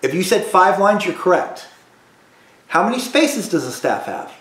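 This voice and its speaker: A music teacher drilling students through call-and-response practice, patient and repetitive. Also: male voice, high voice, very animated, normal speed, a bit bright, roomy sound. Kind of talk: recorded music lesson for students.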